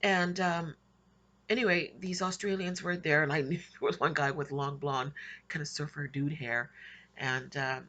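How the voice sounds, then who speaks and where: A woman's voice: sits low, fairly even intonation, normal speed, bright, forceful tone, highs cut off. A woman casually recounting her dreams in a rambling way, with frequent restarts and little laughs. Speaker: Christian vlogger recounting dreams. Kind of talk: casual spoken storytelling.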